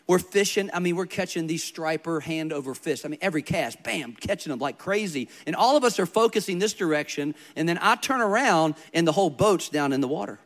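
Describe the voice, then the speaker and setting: A man preaching in a storytelling manner, stressing his points by repeating them. His voice sits somewhat high for a man. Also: expressive, brisk, few pauses. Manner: storytelling, emphatic repetition. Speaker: pastor. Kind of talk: sermon.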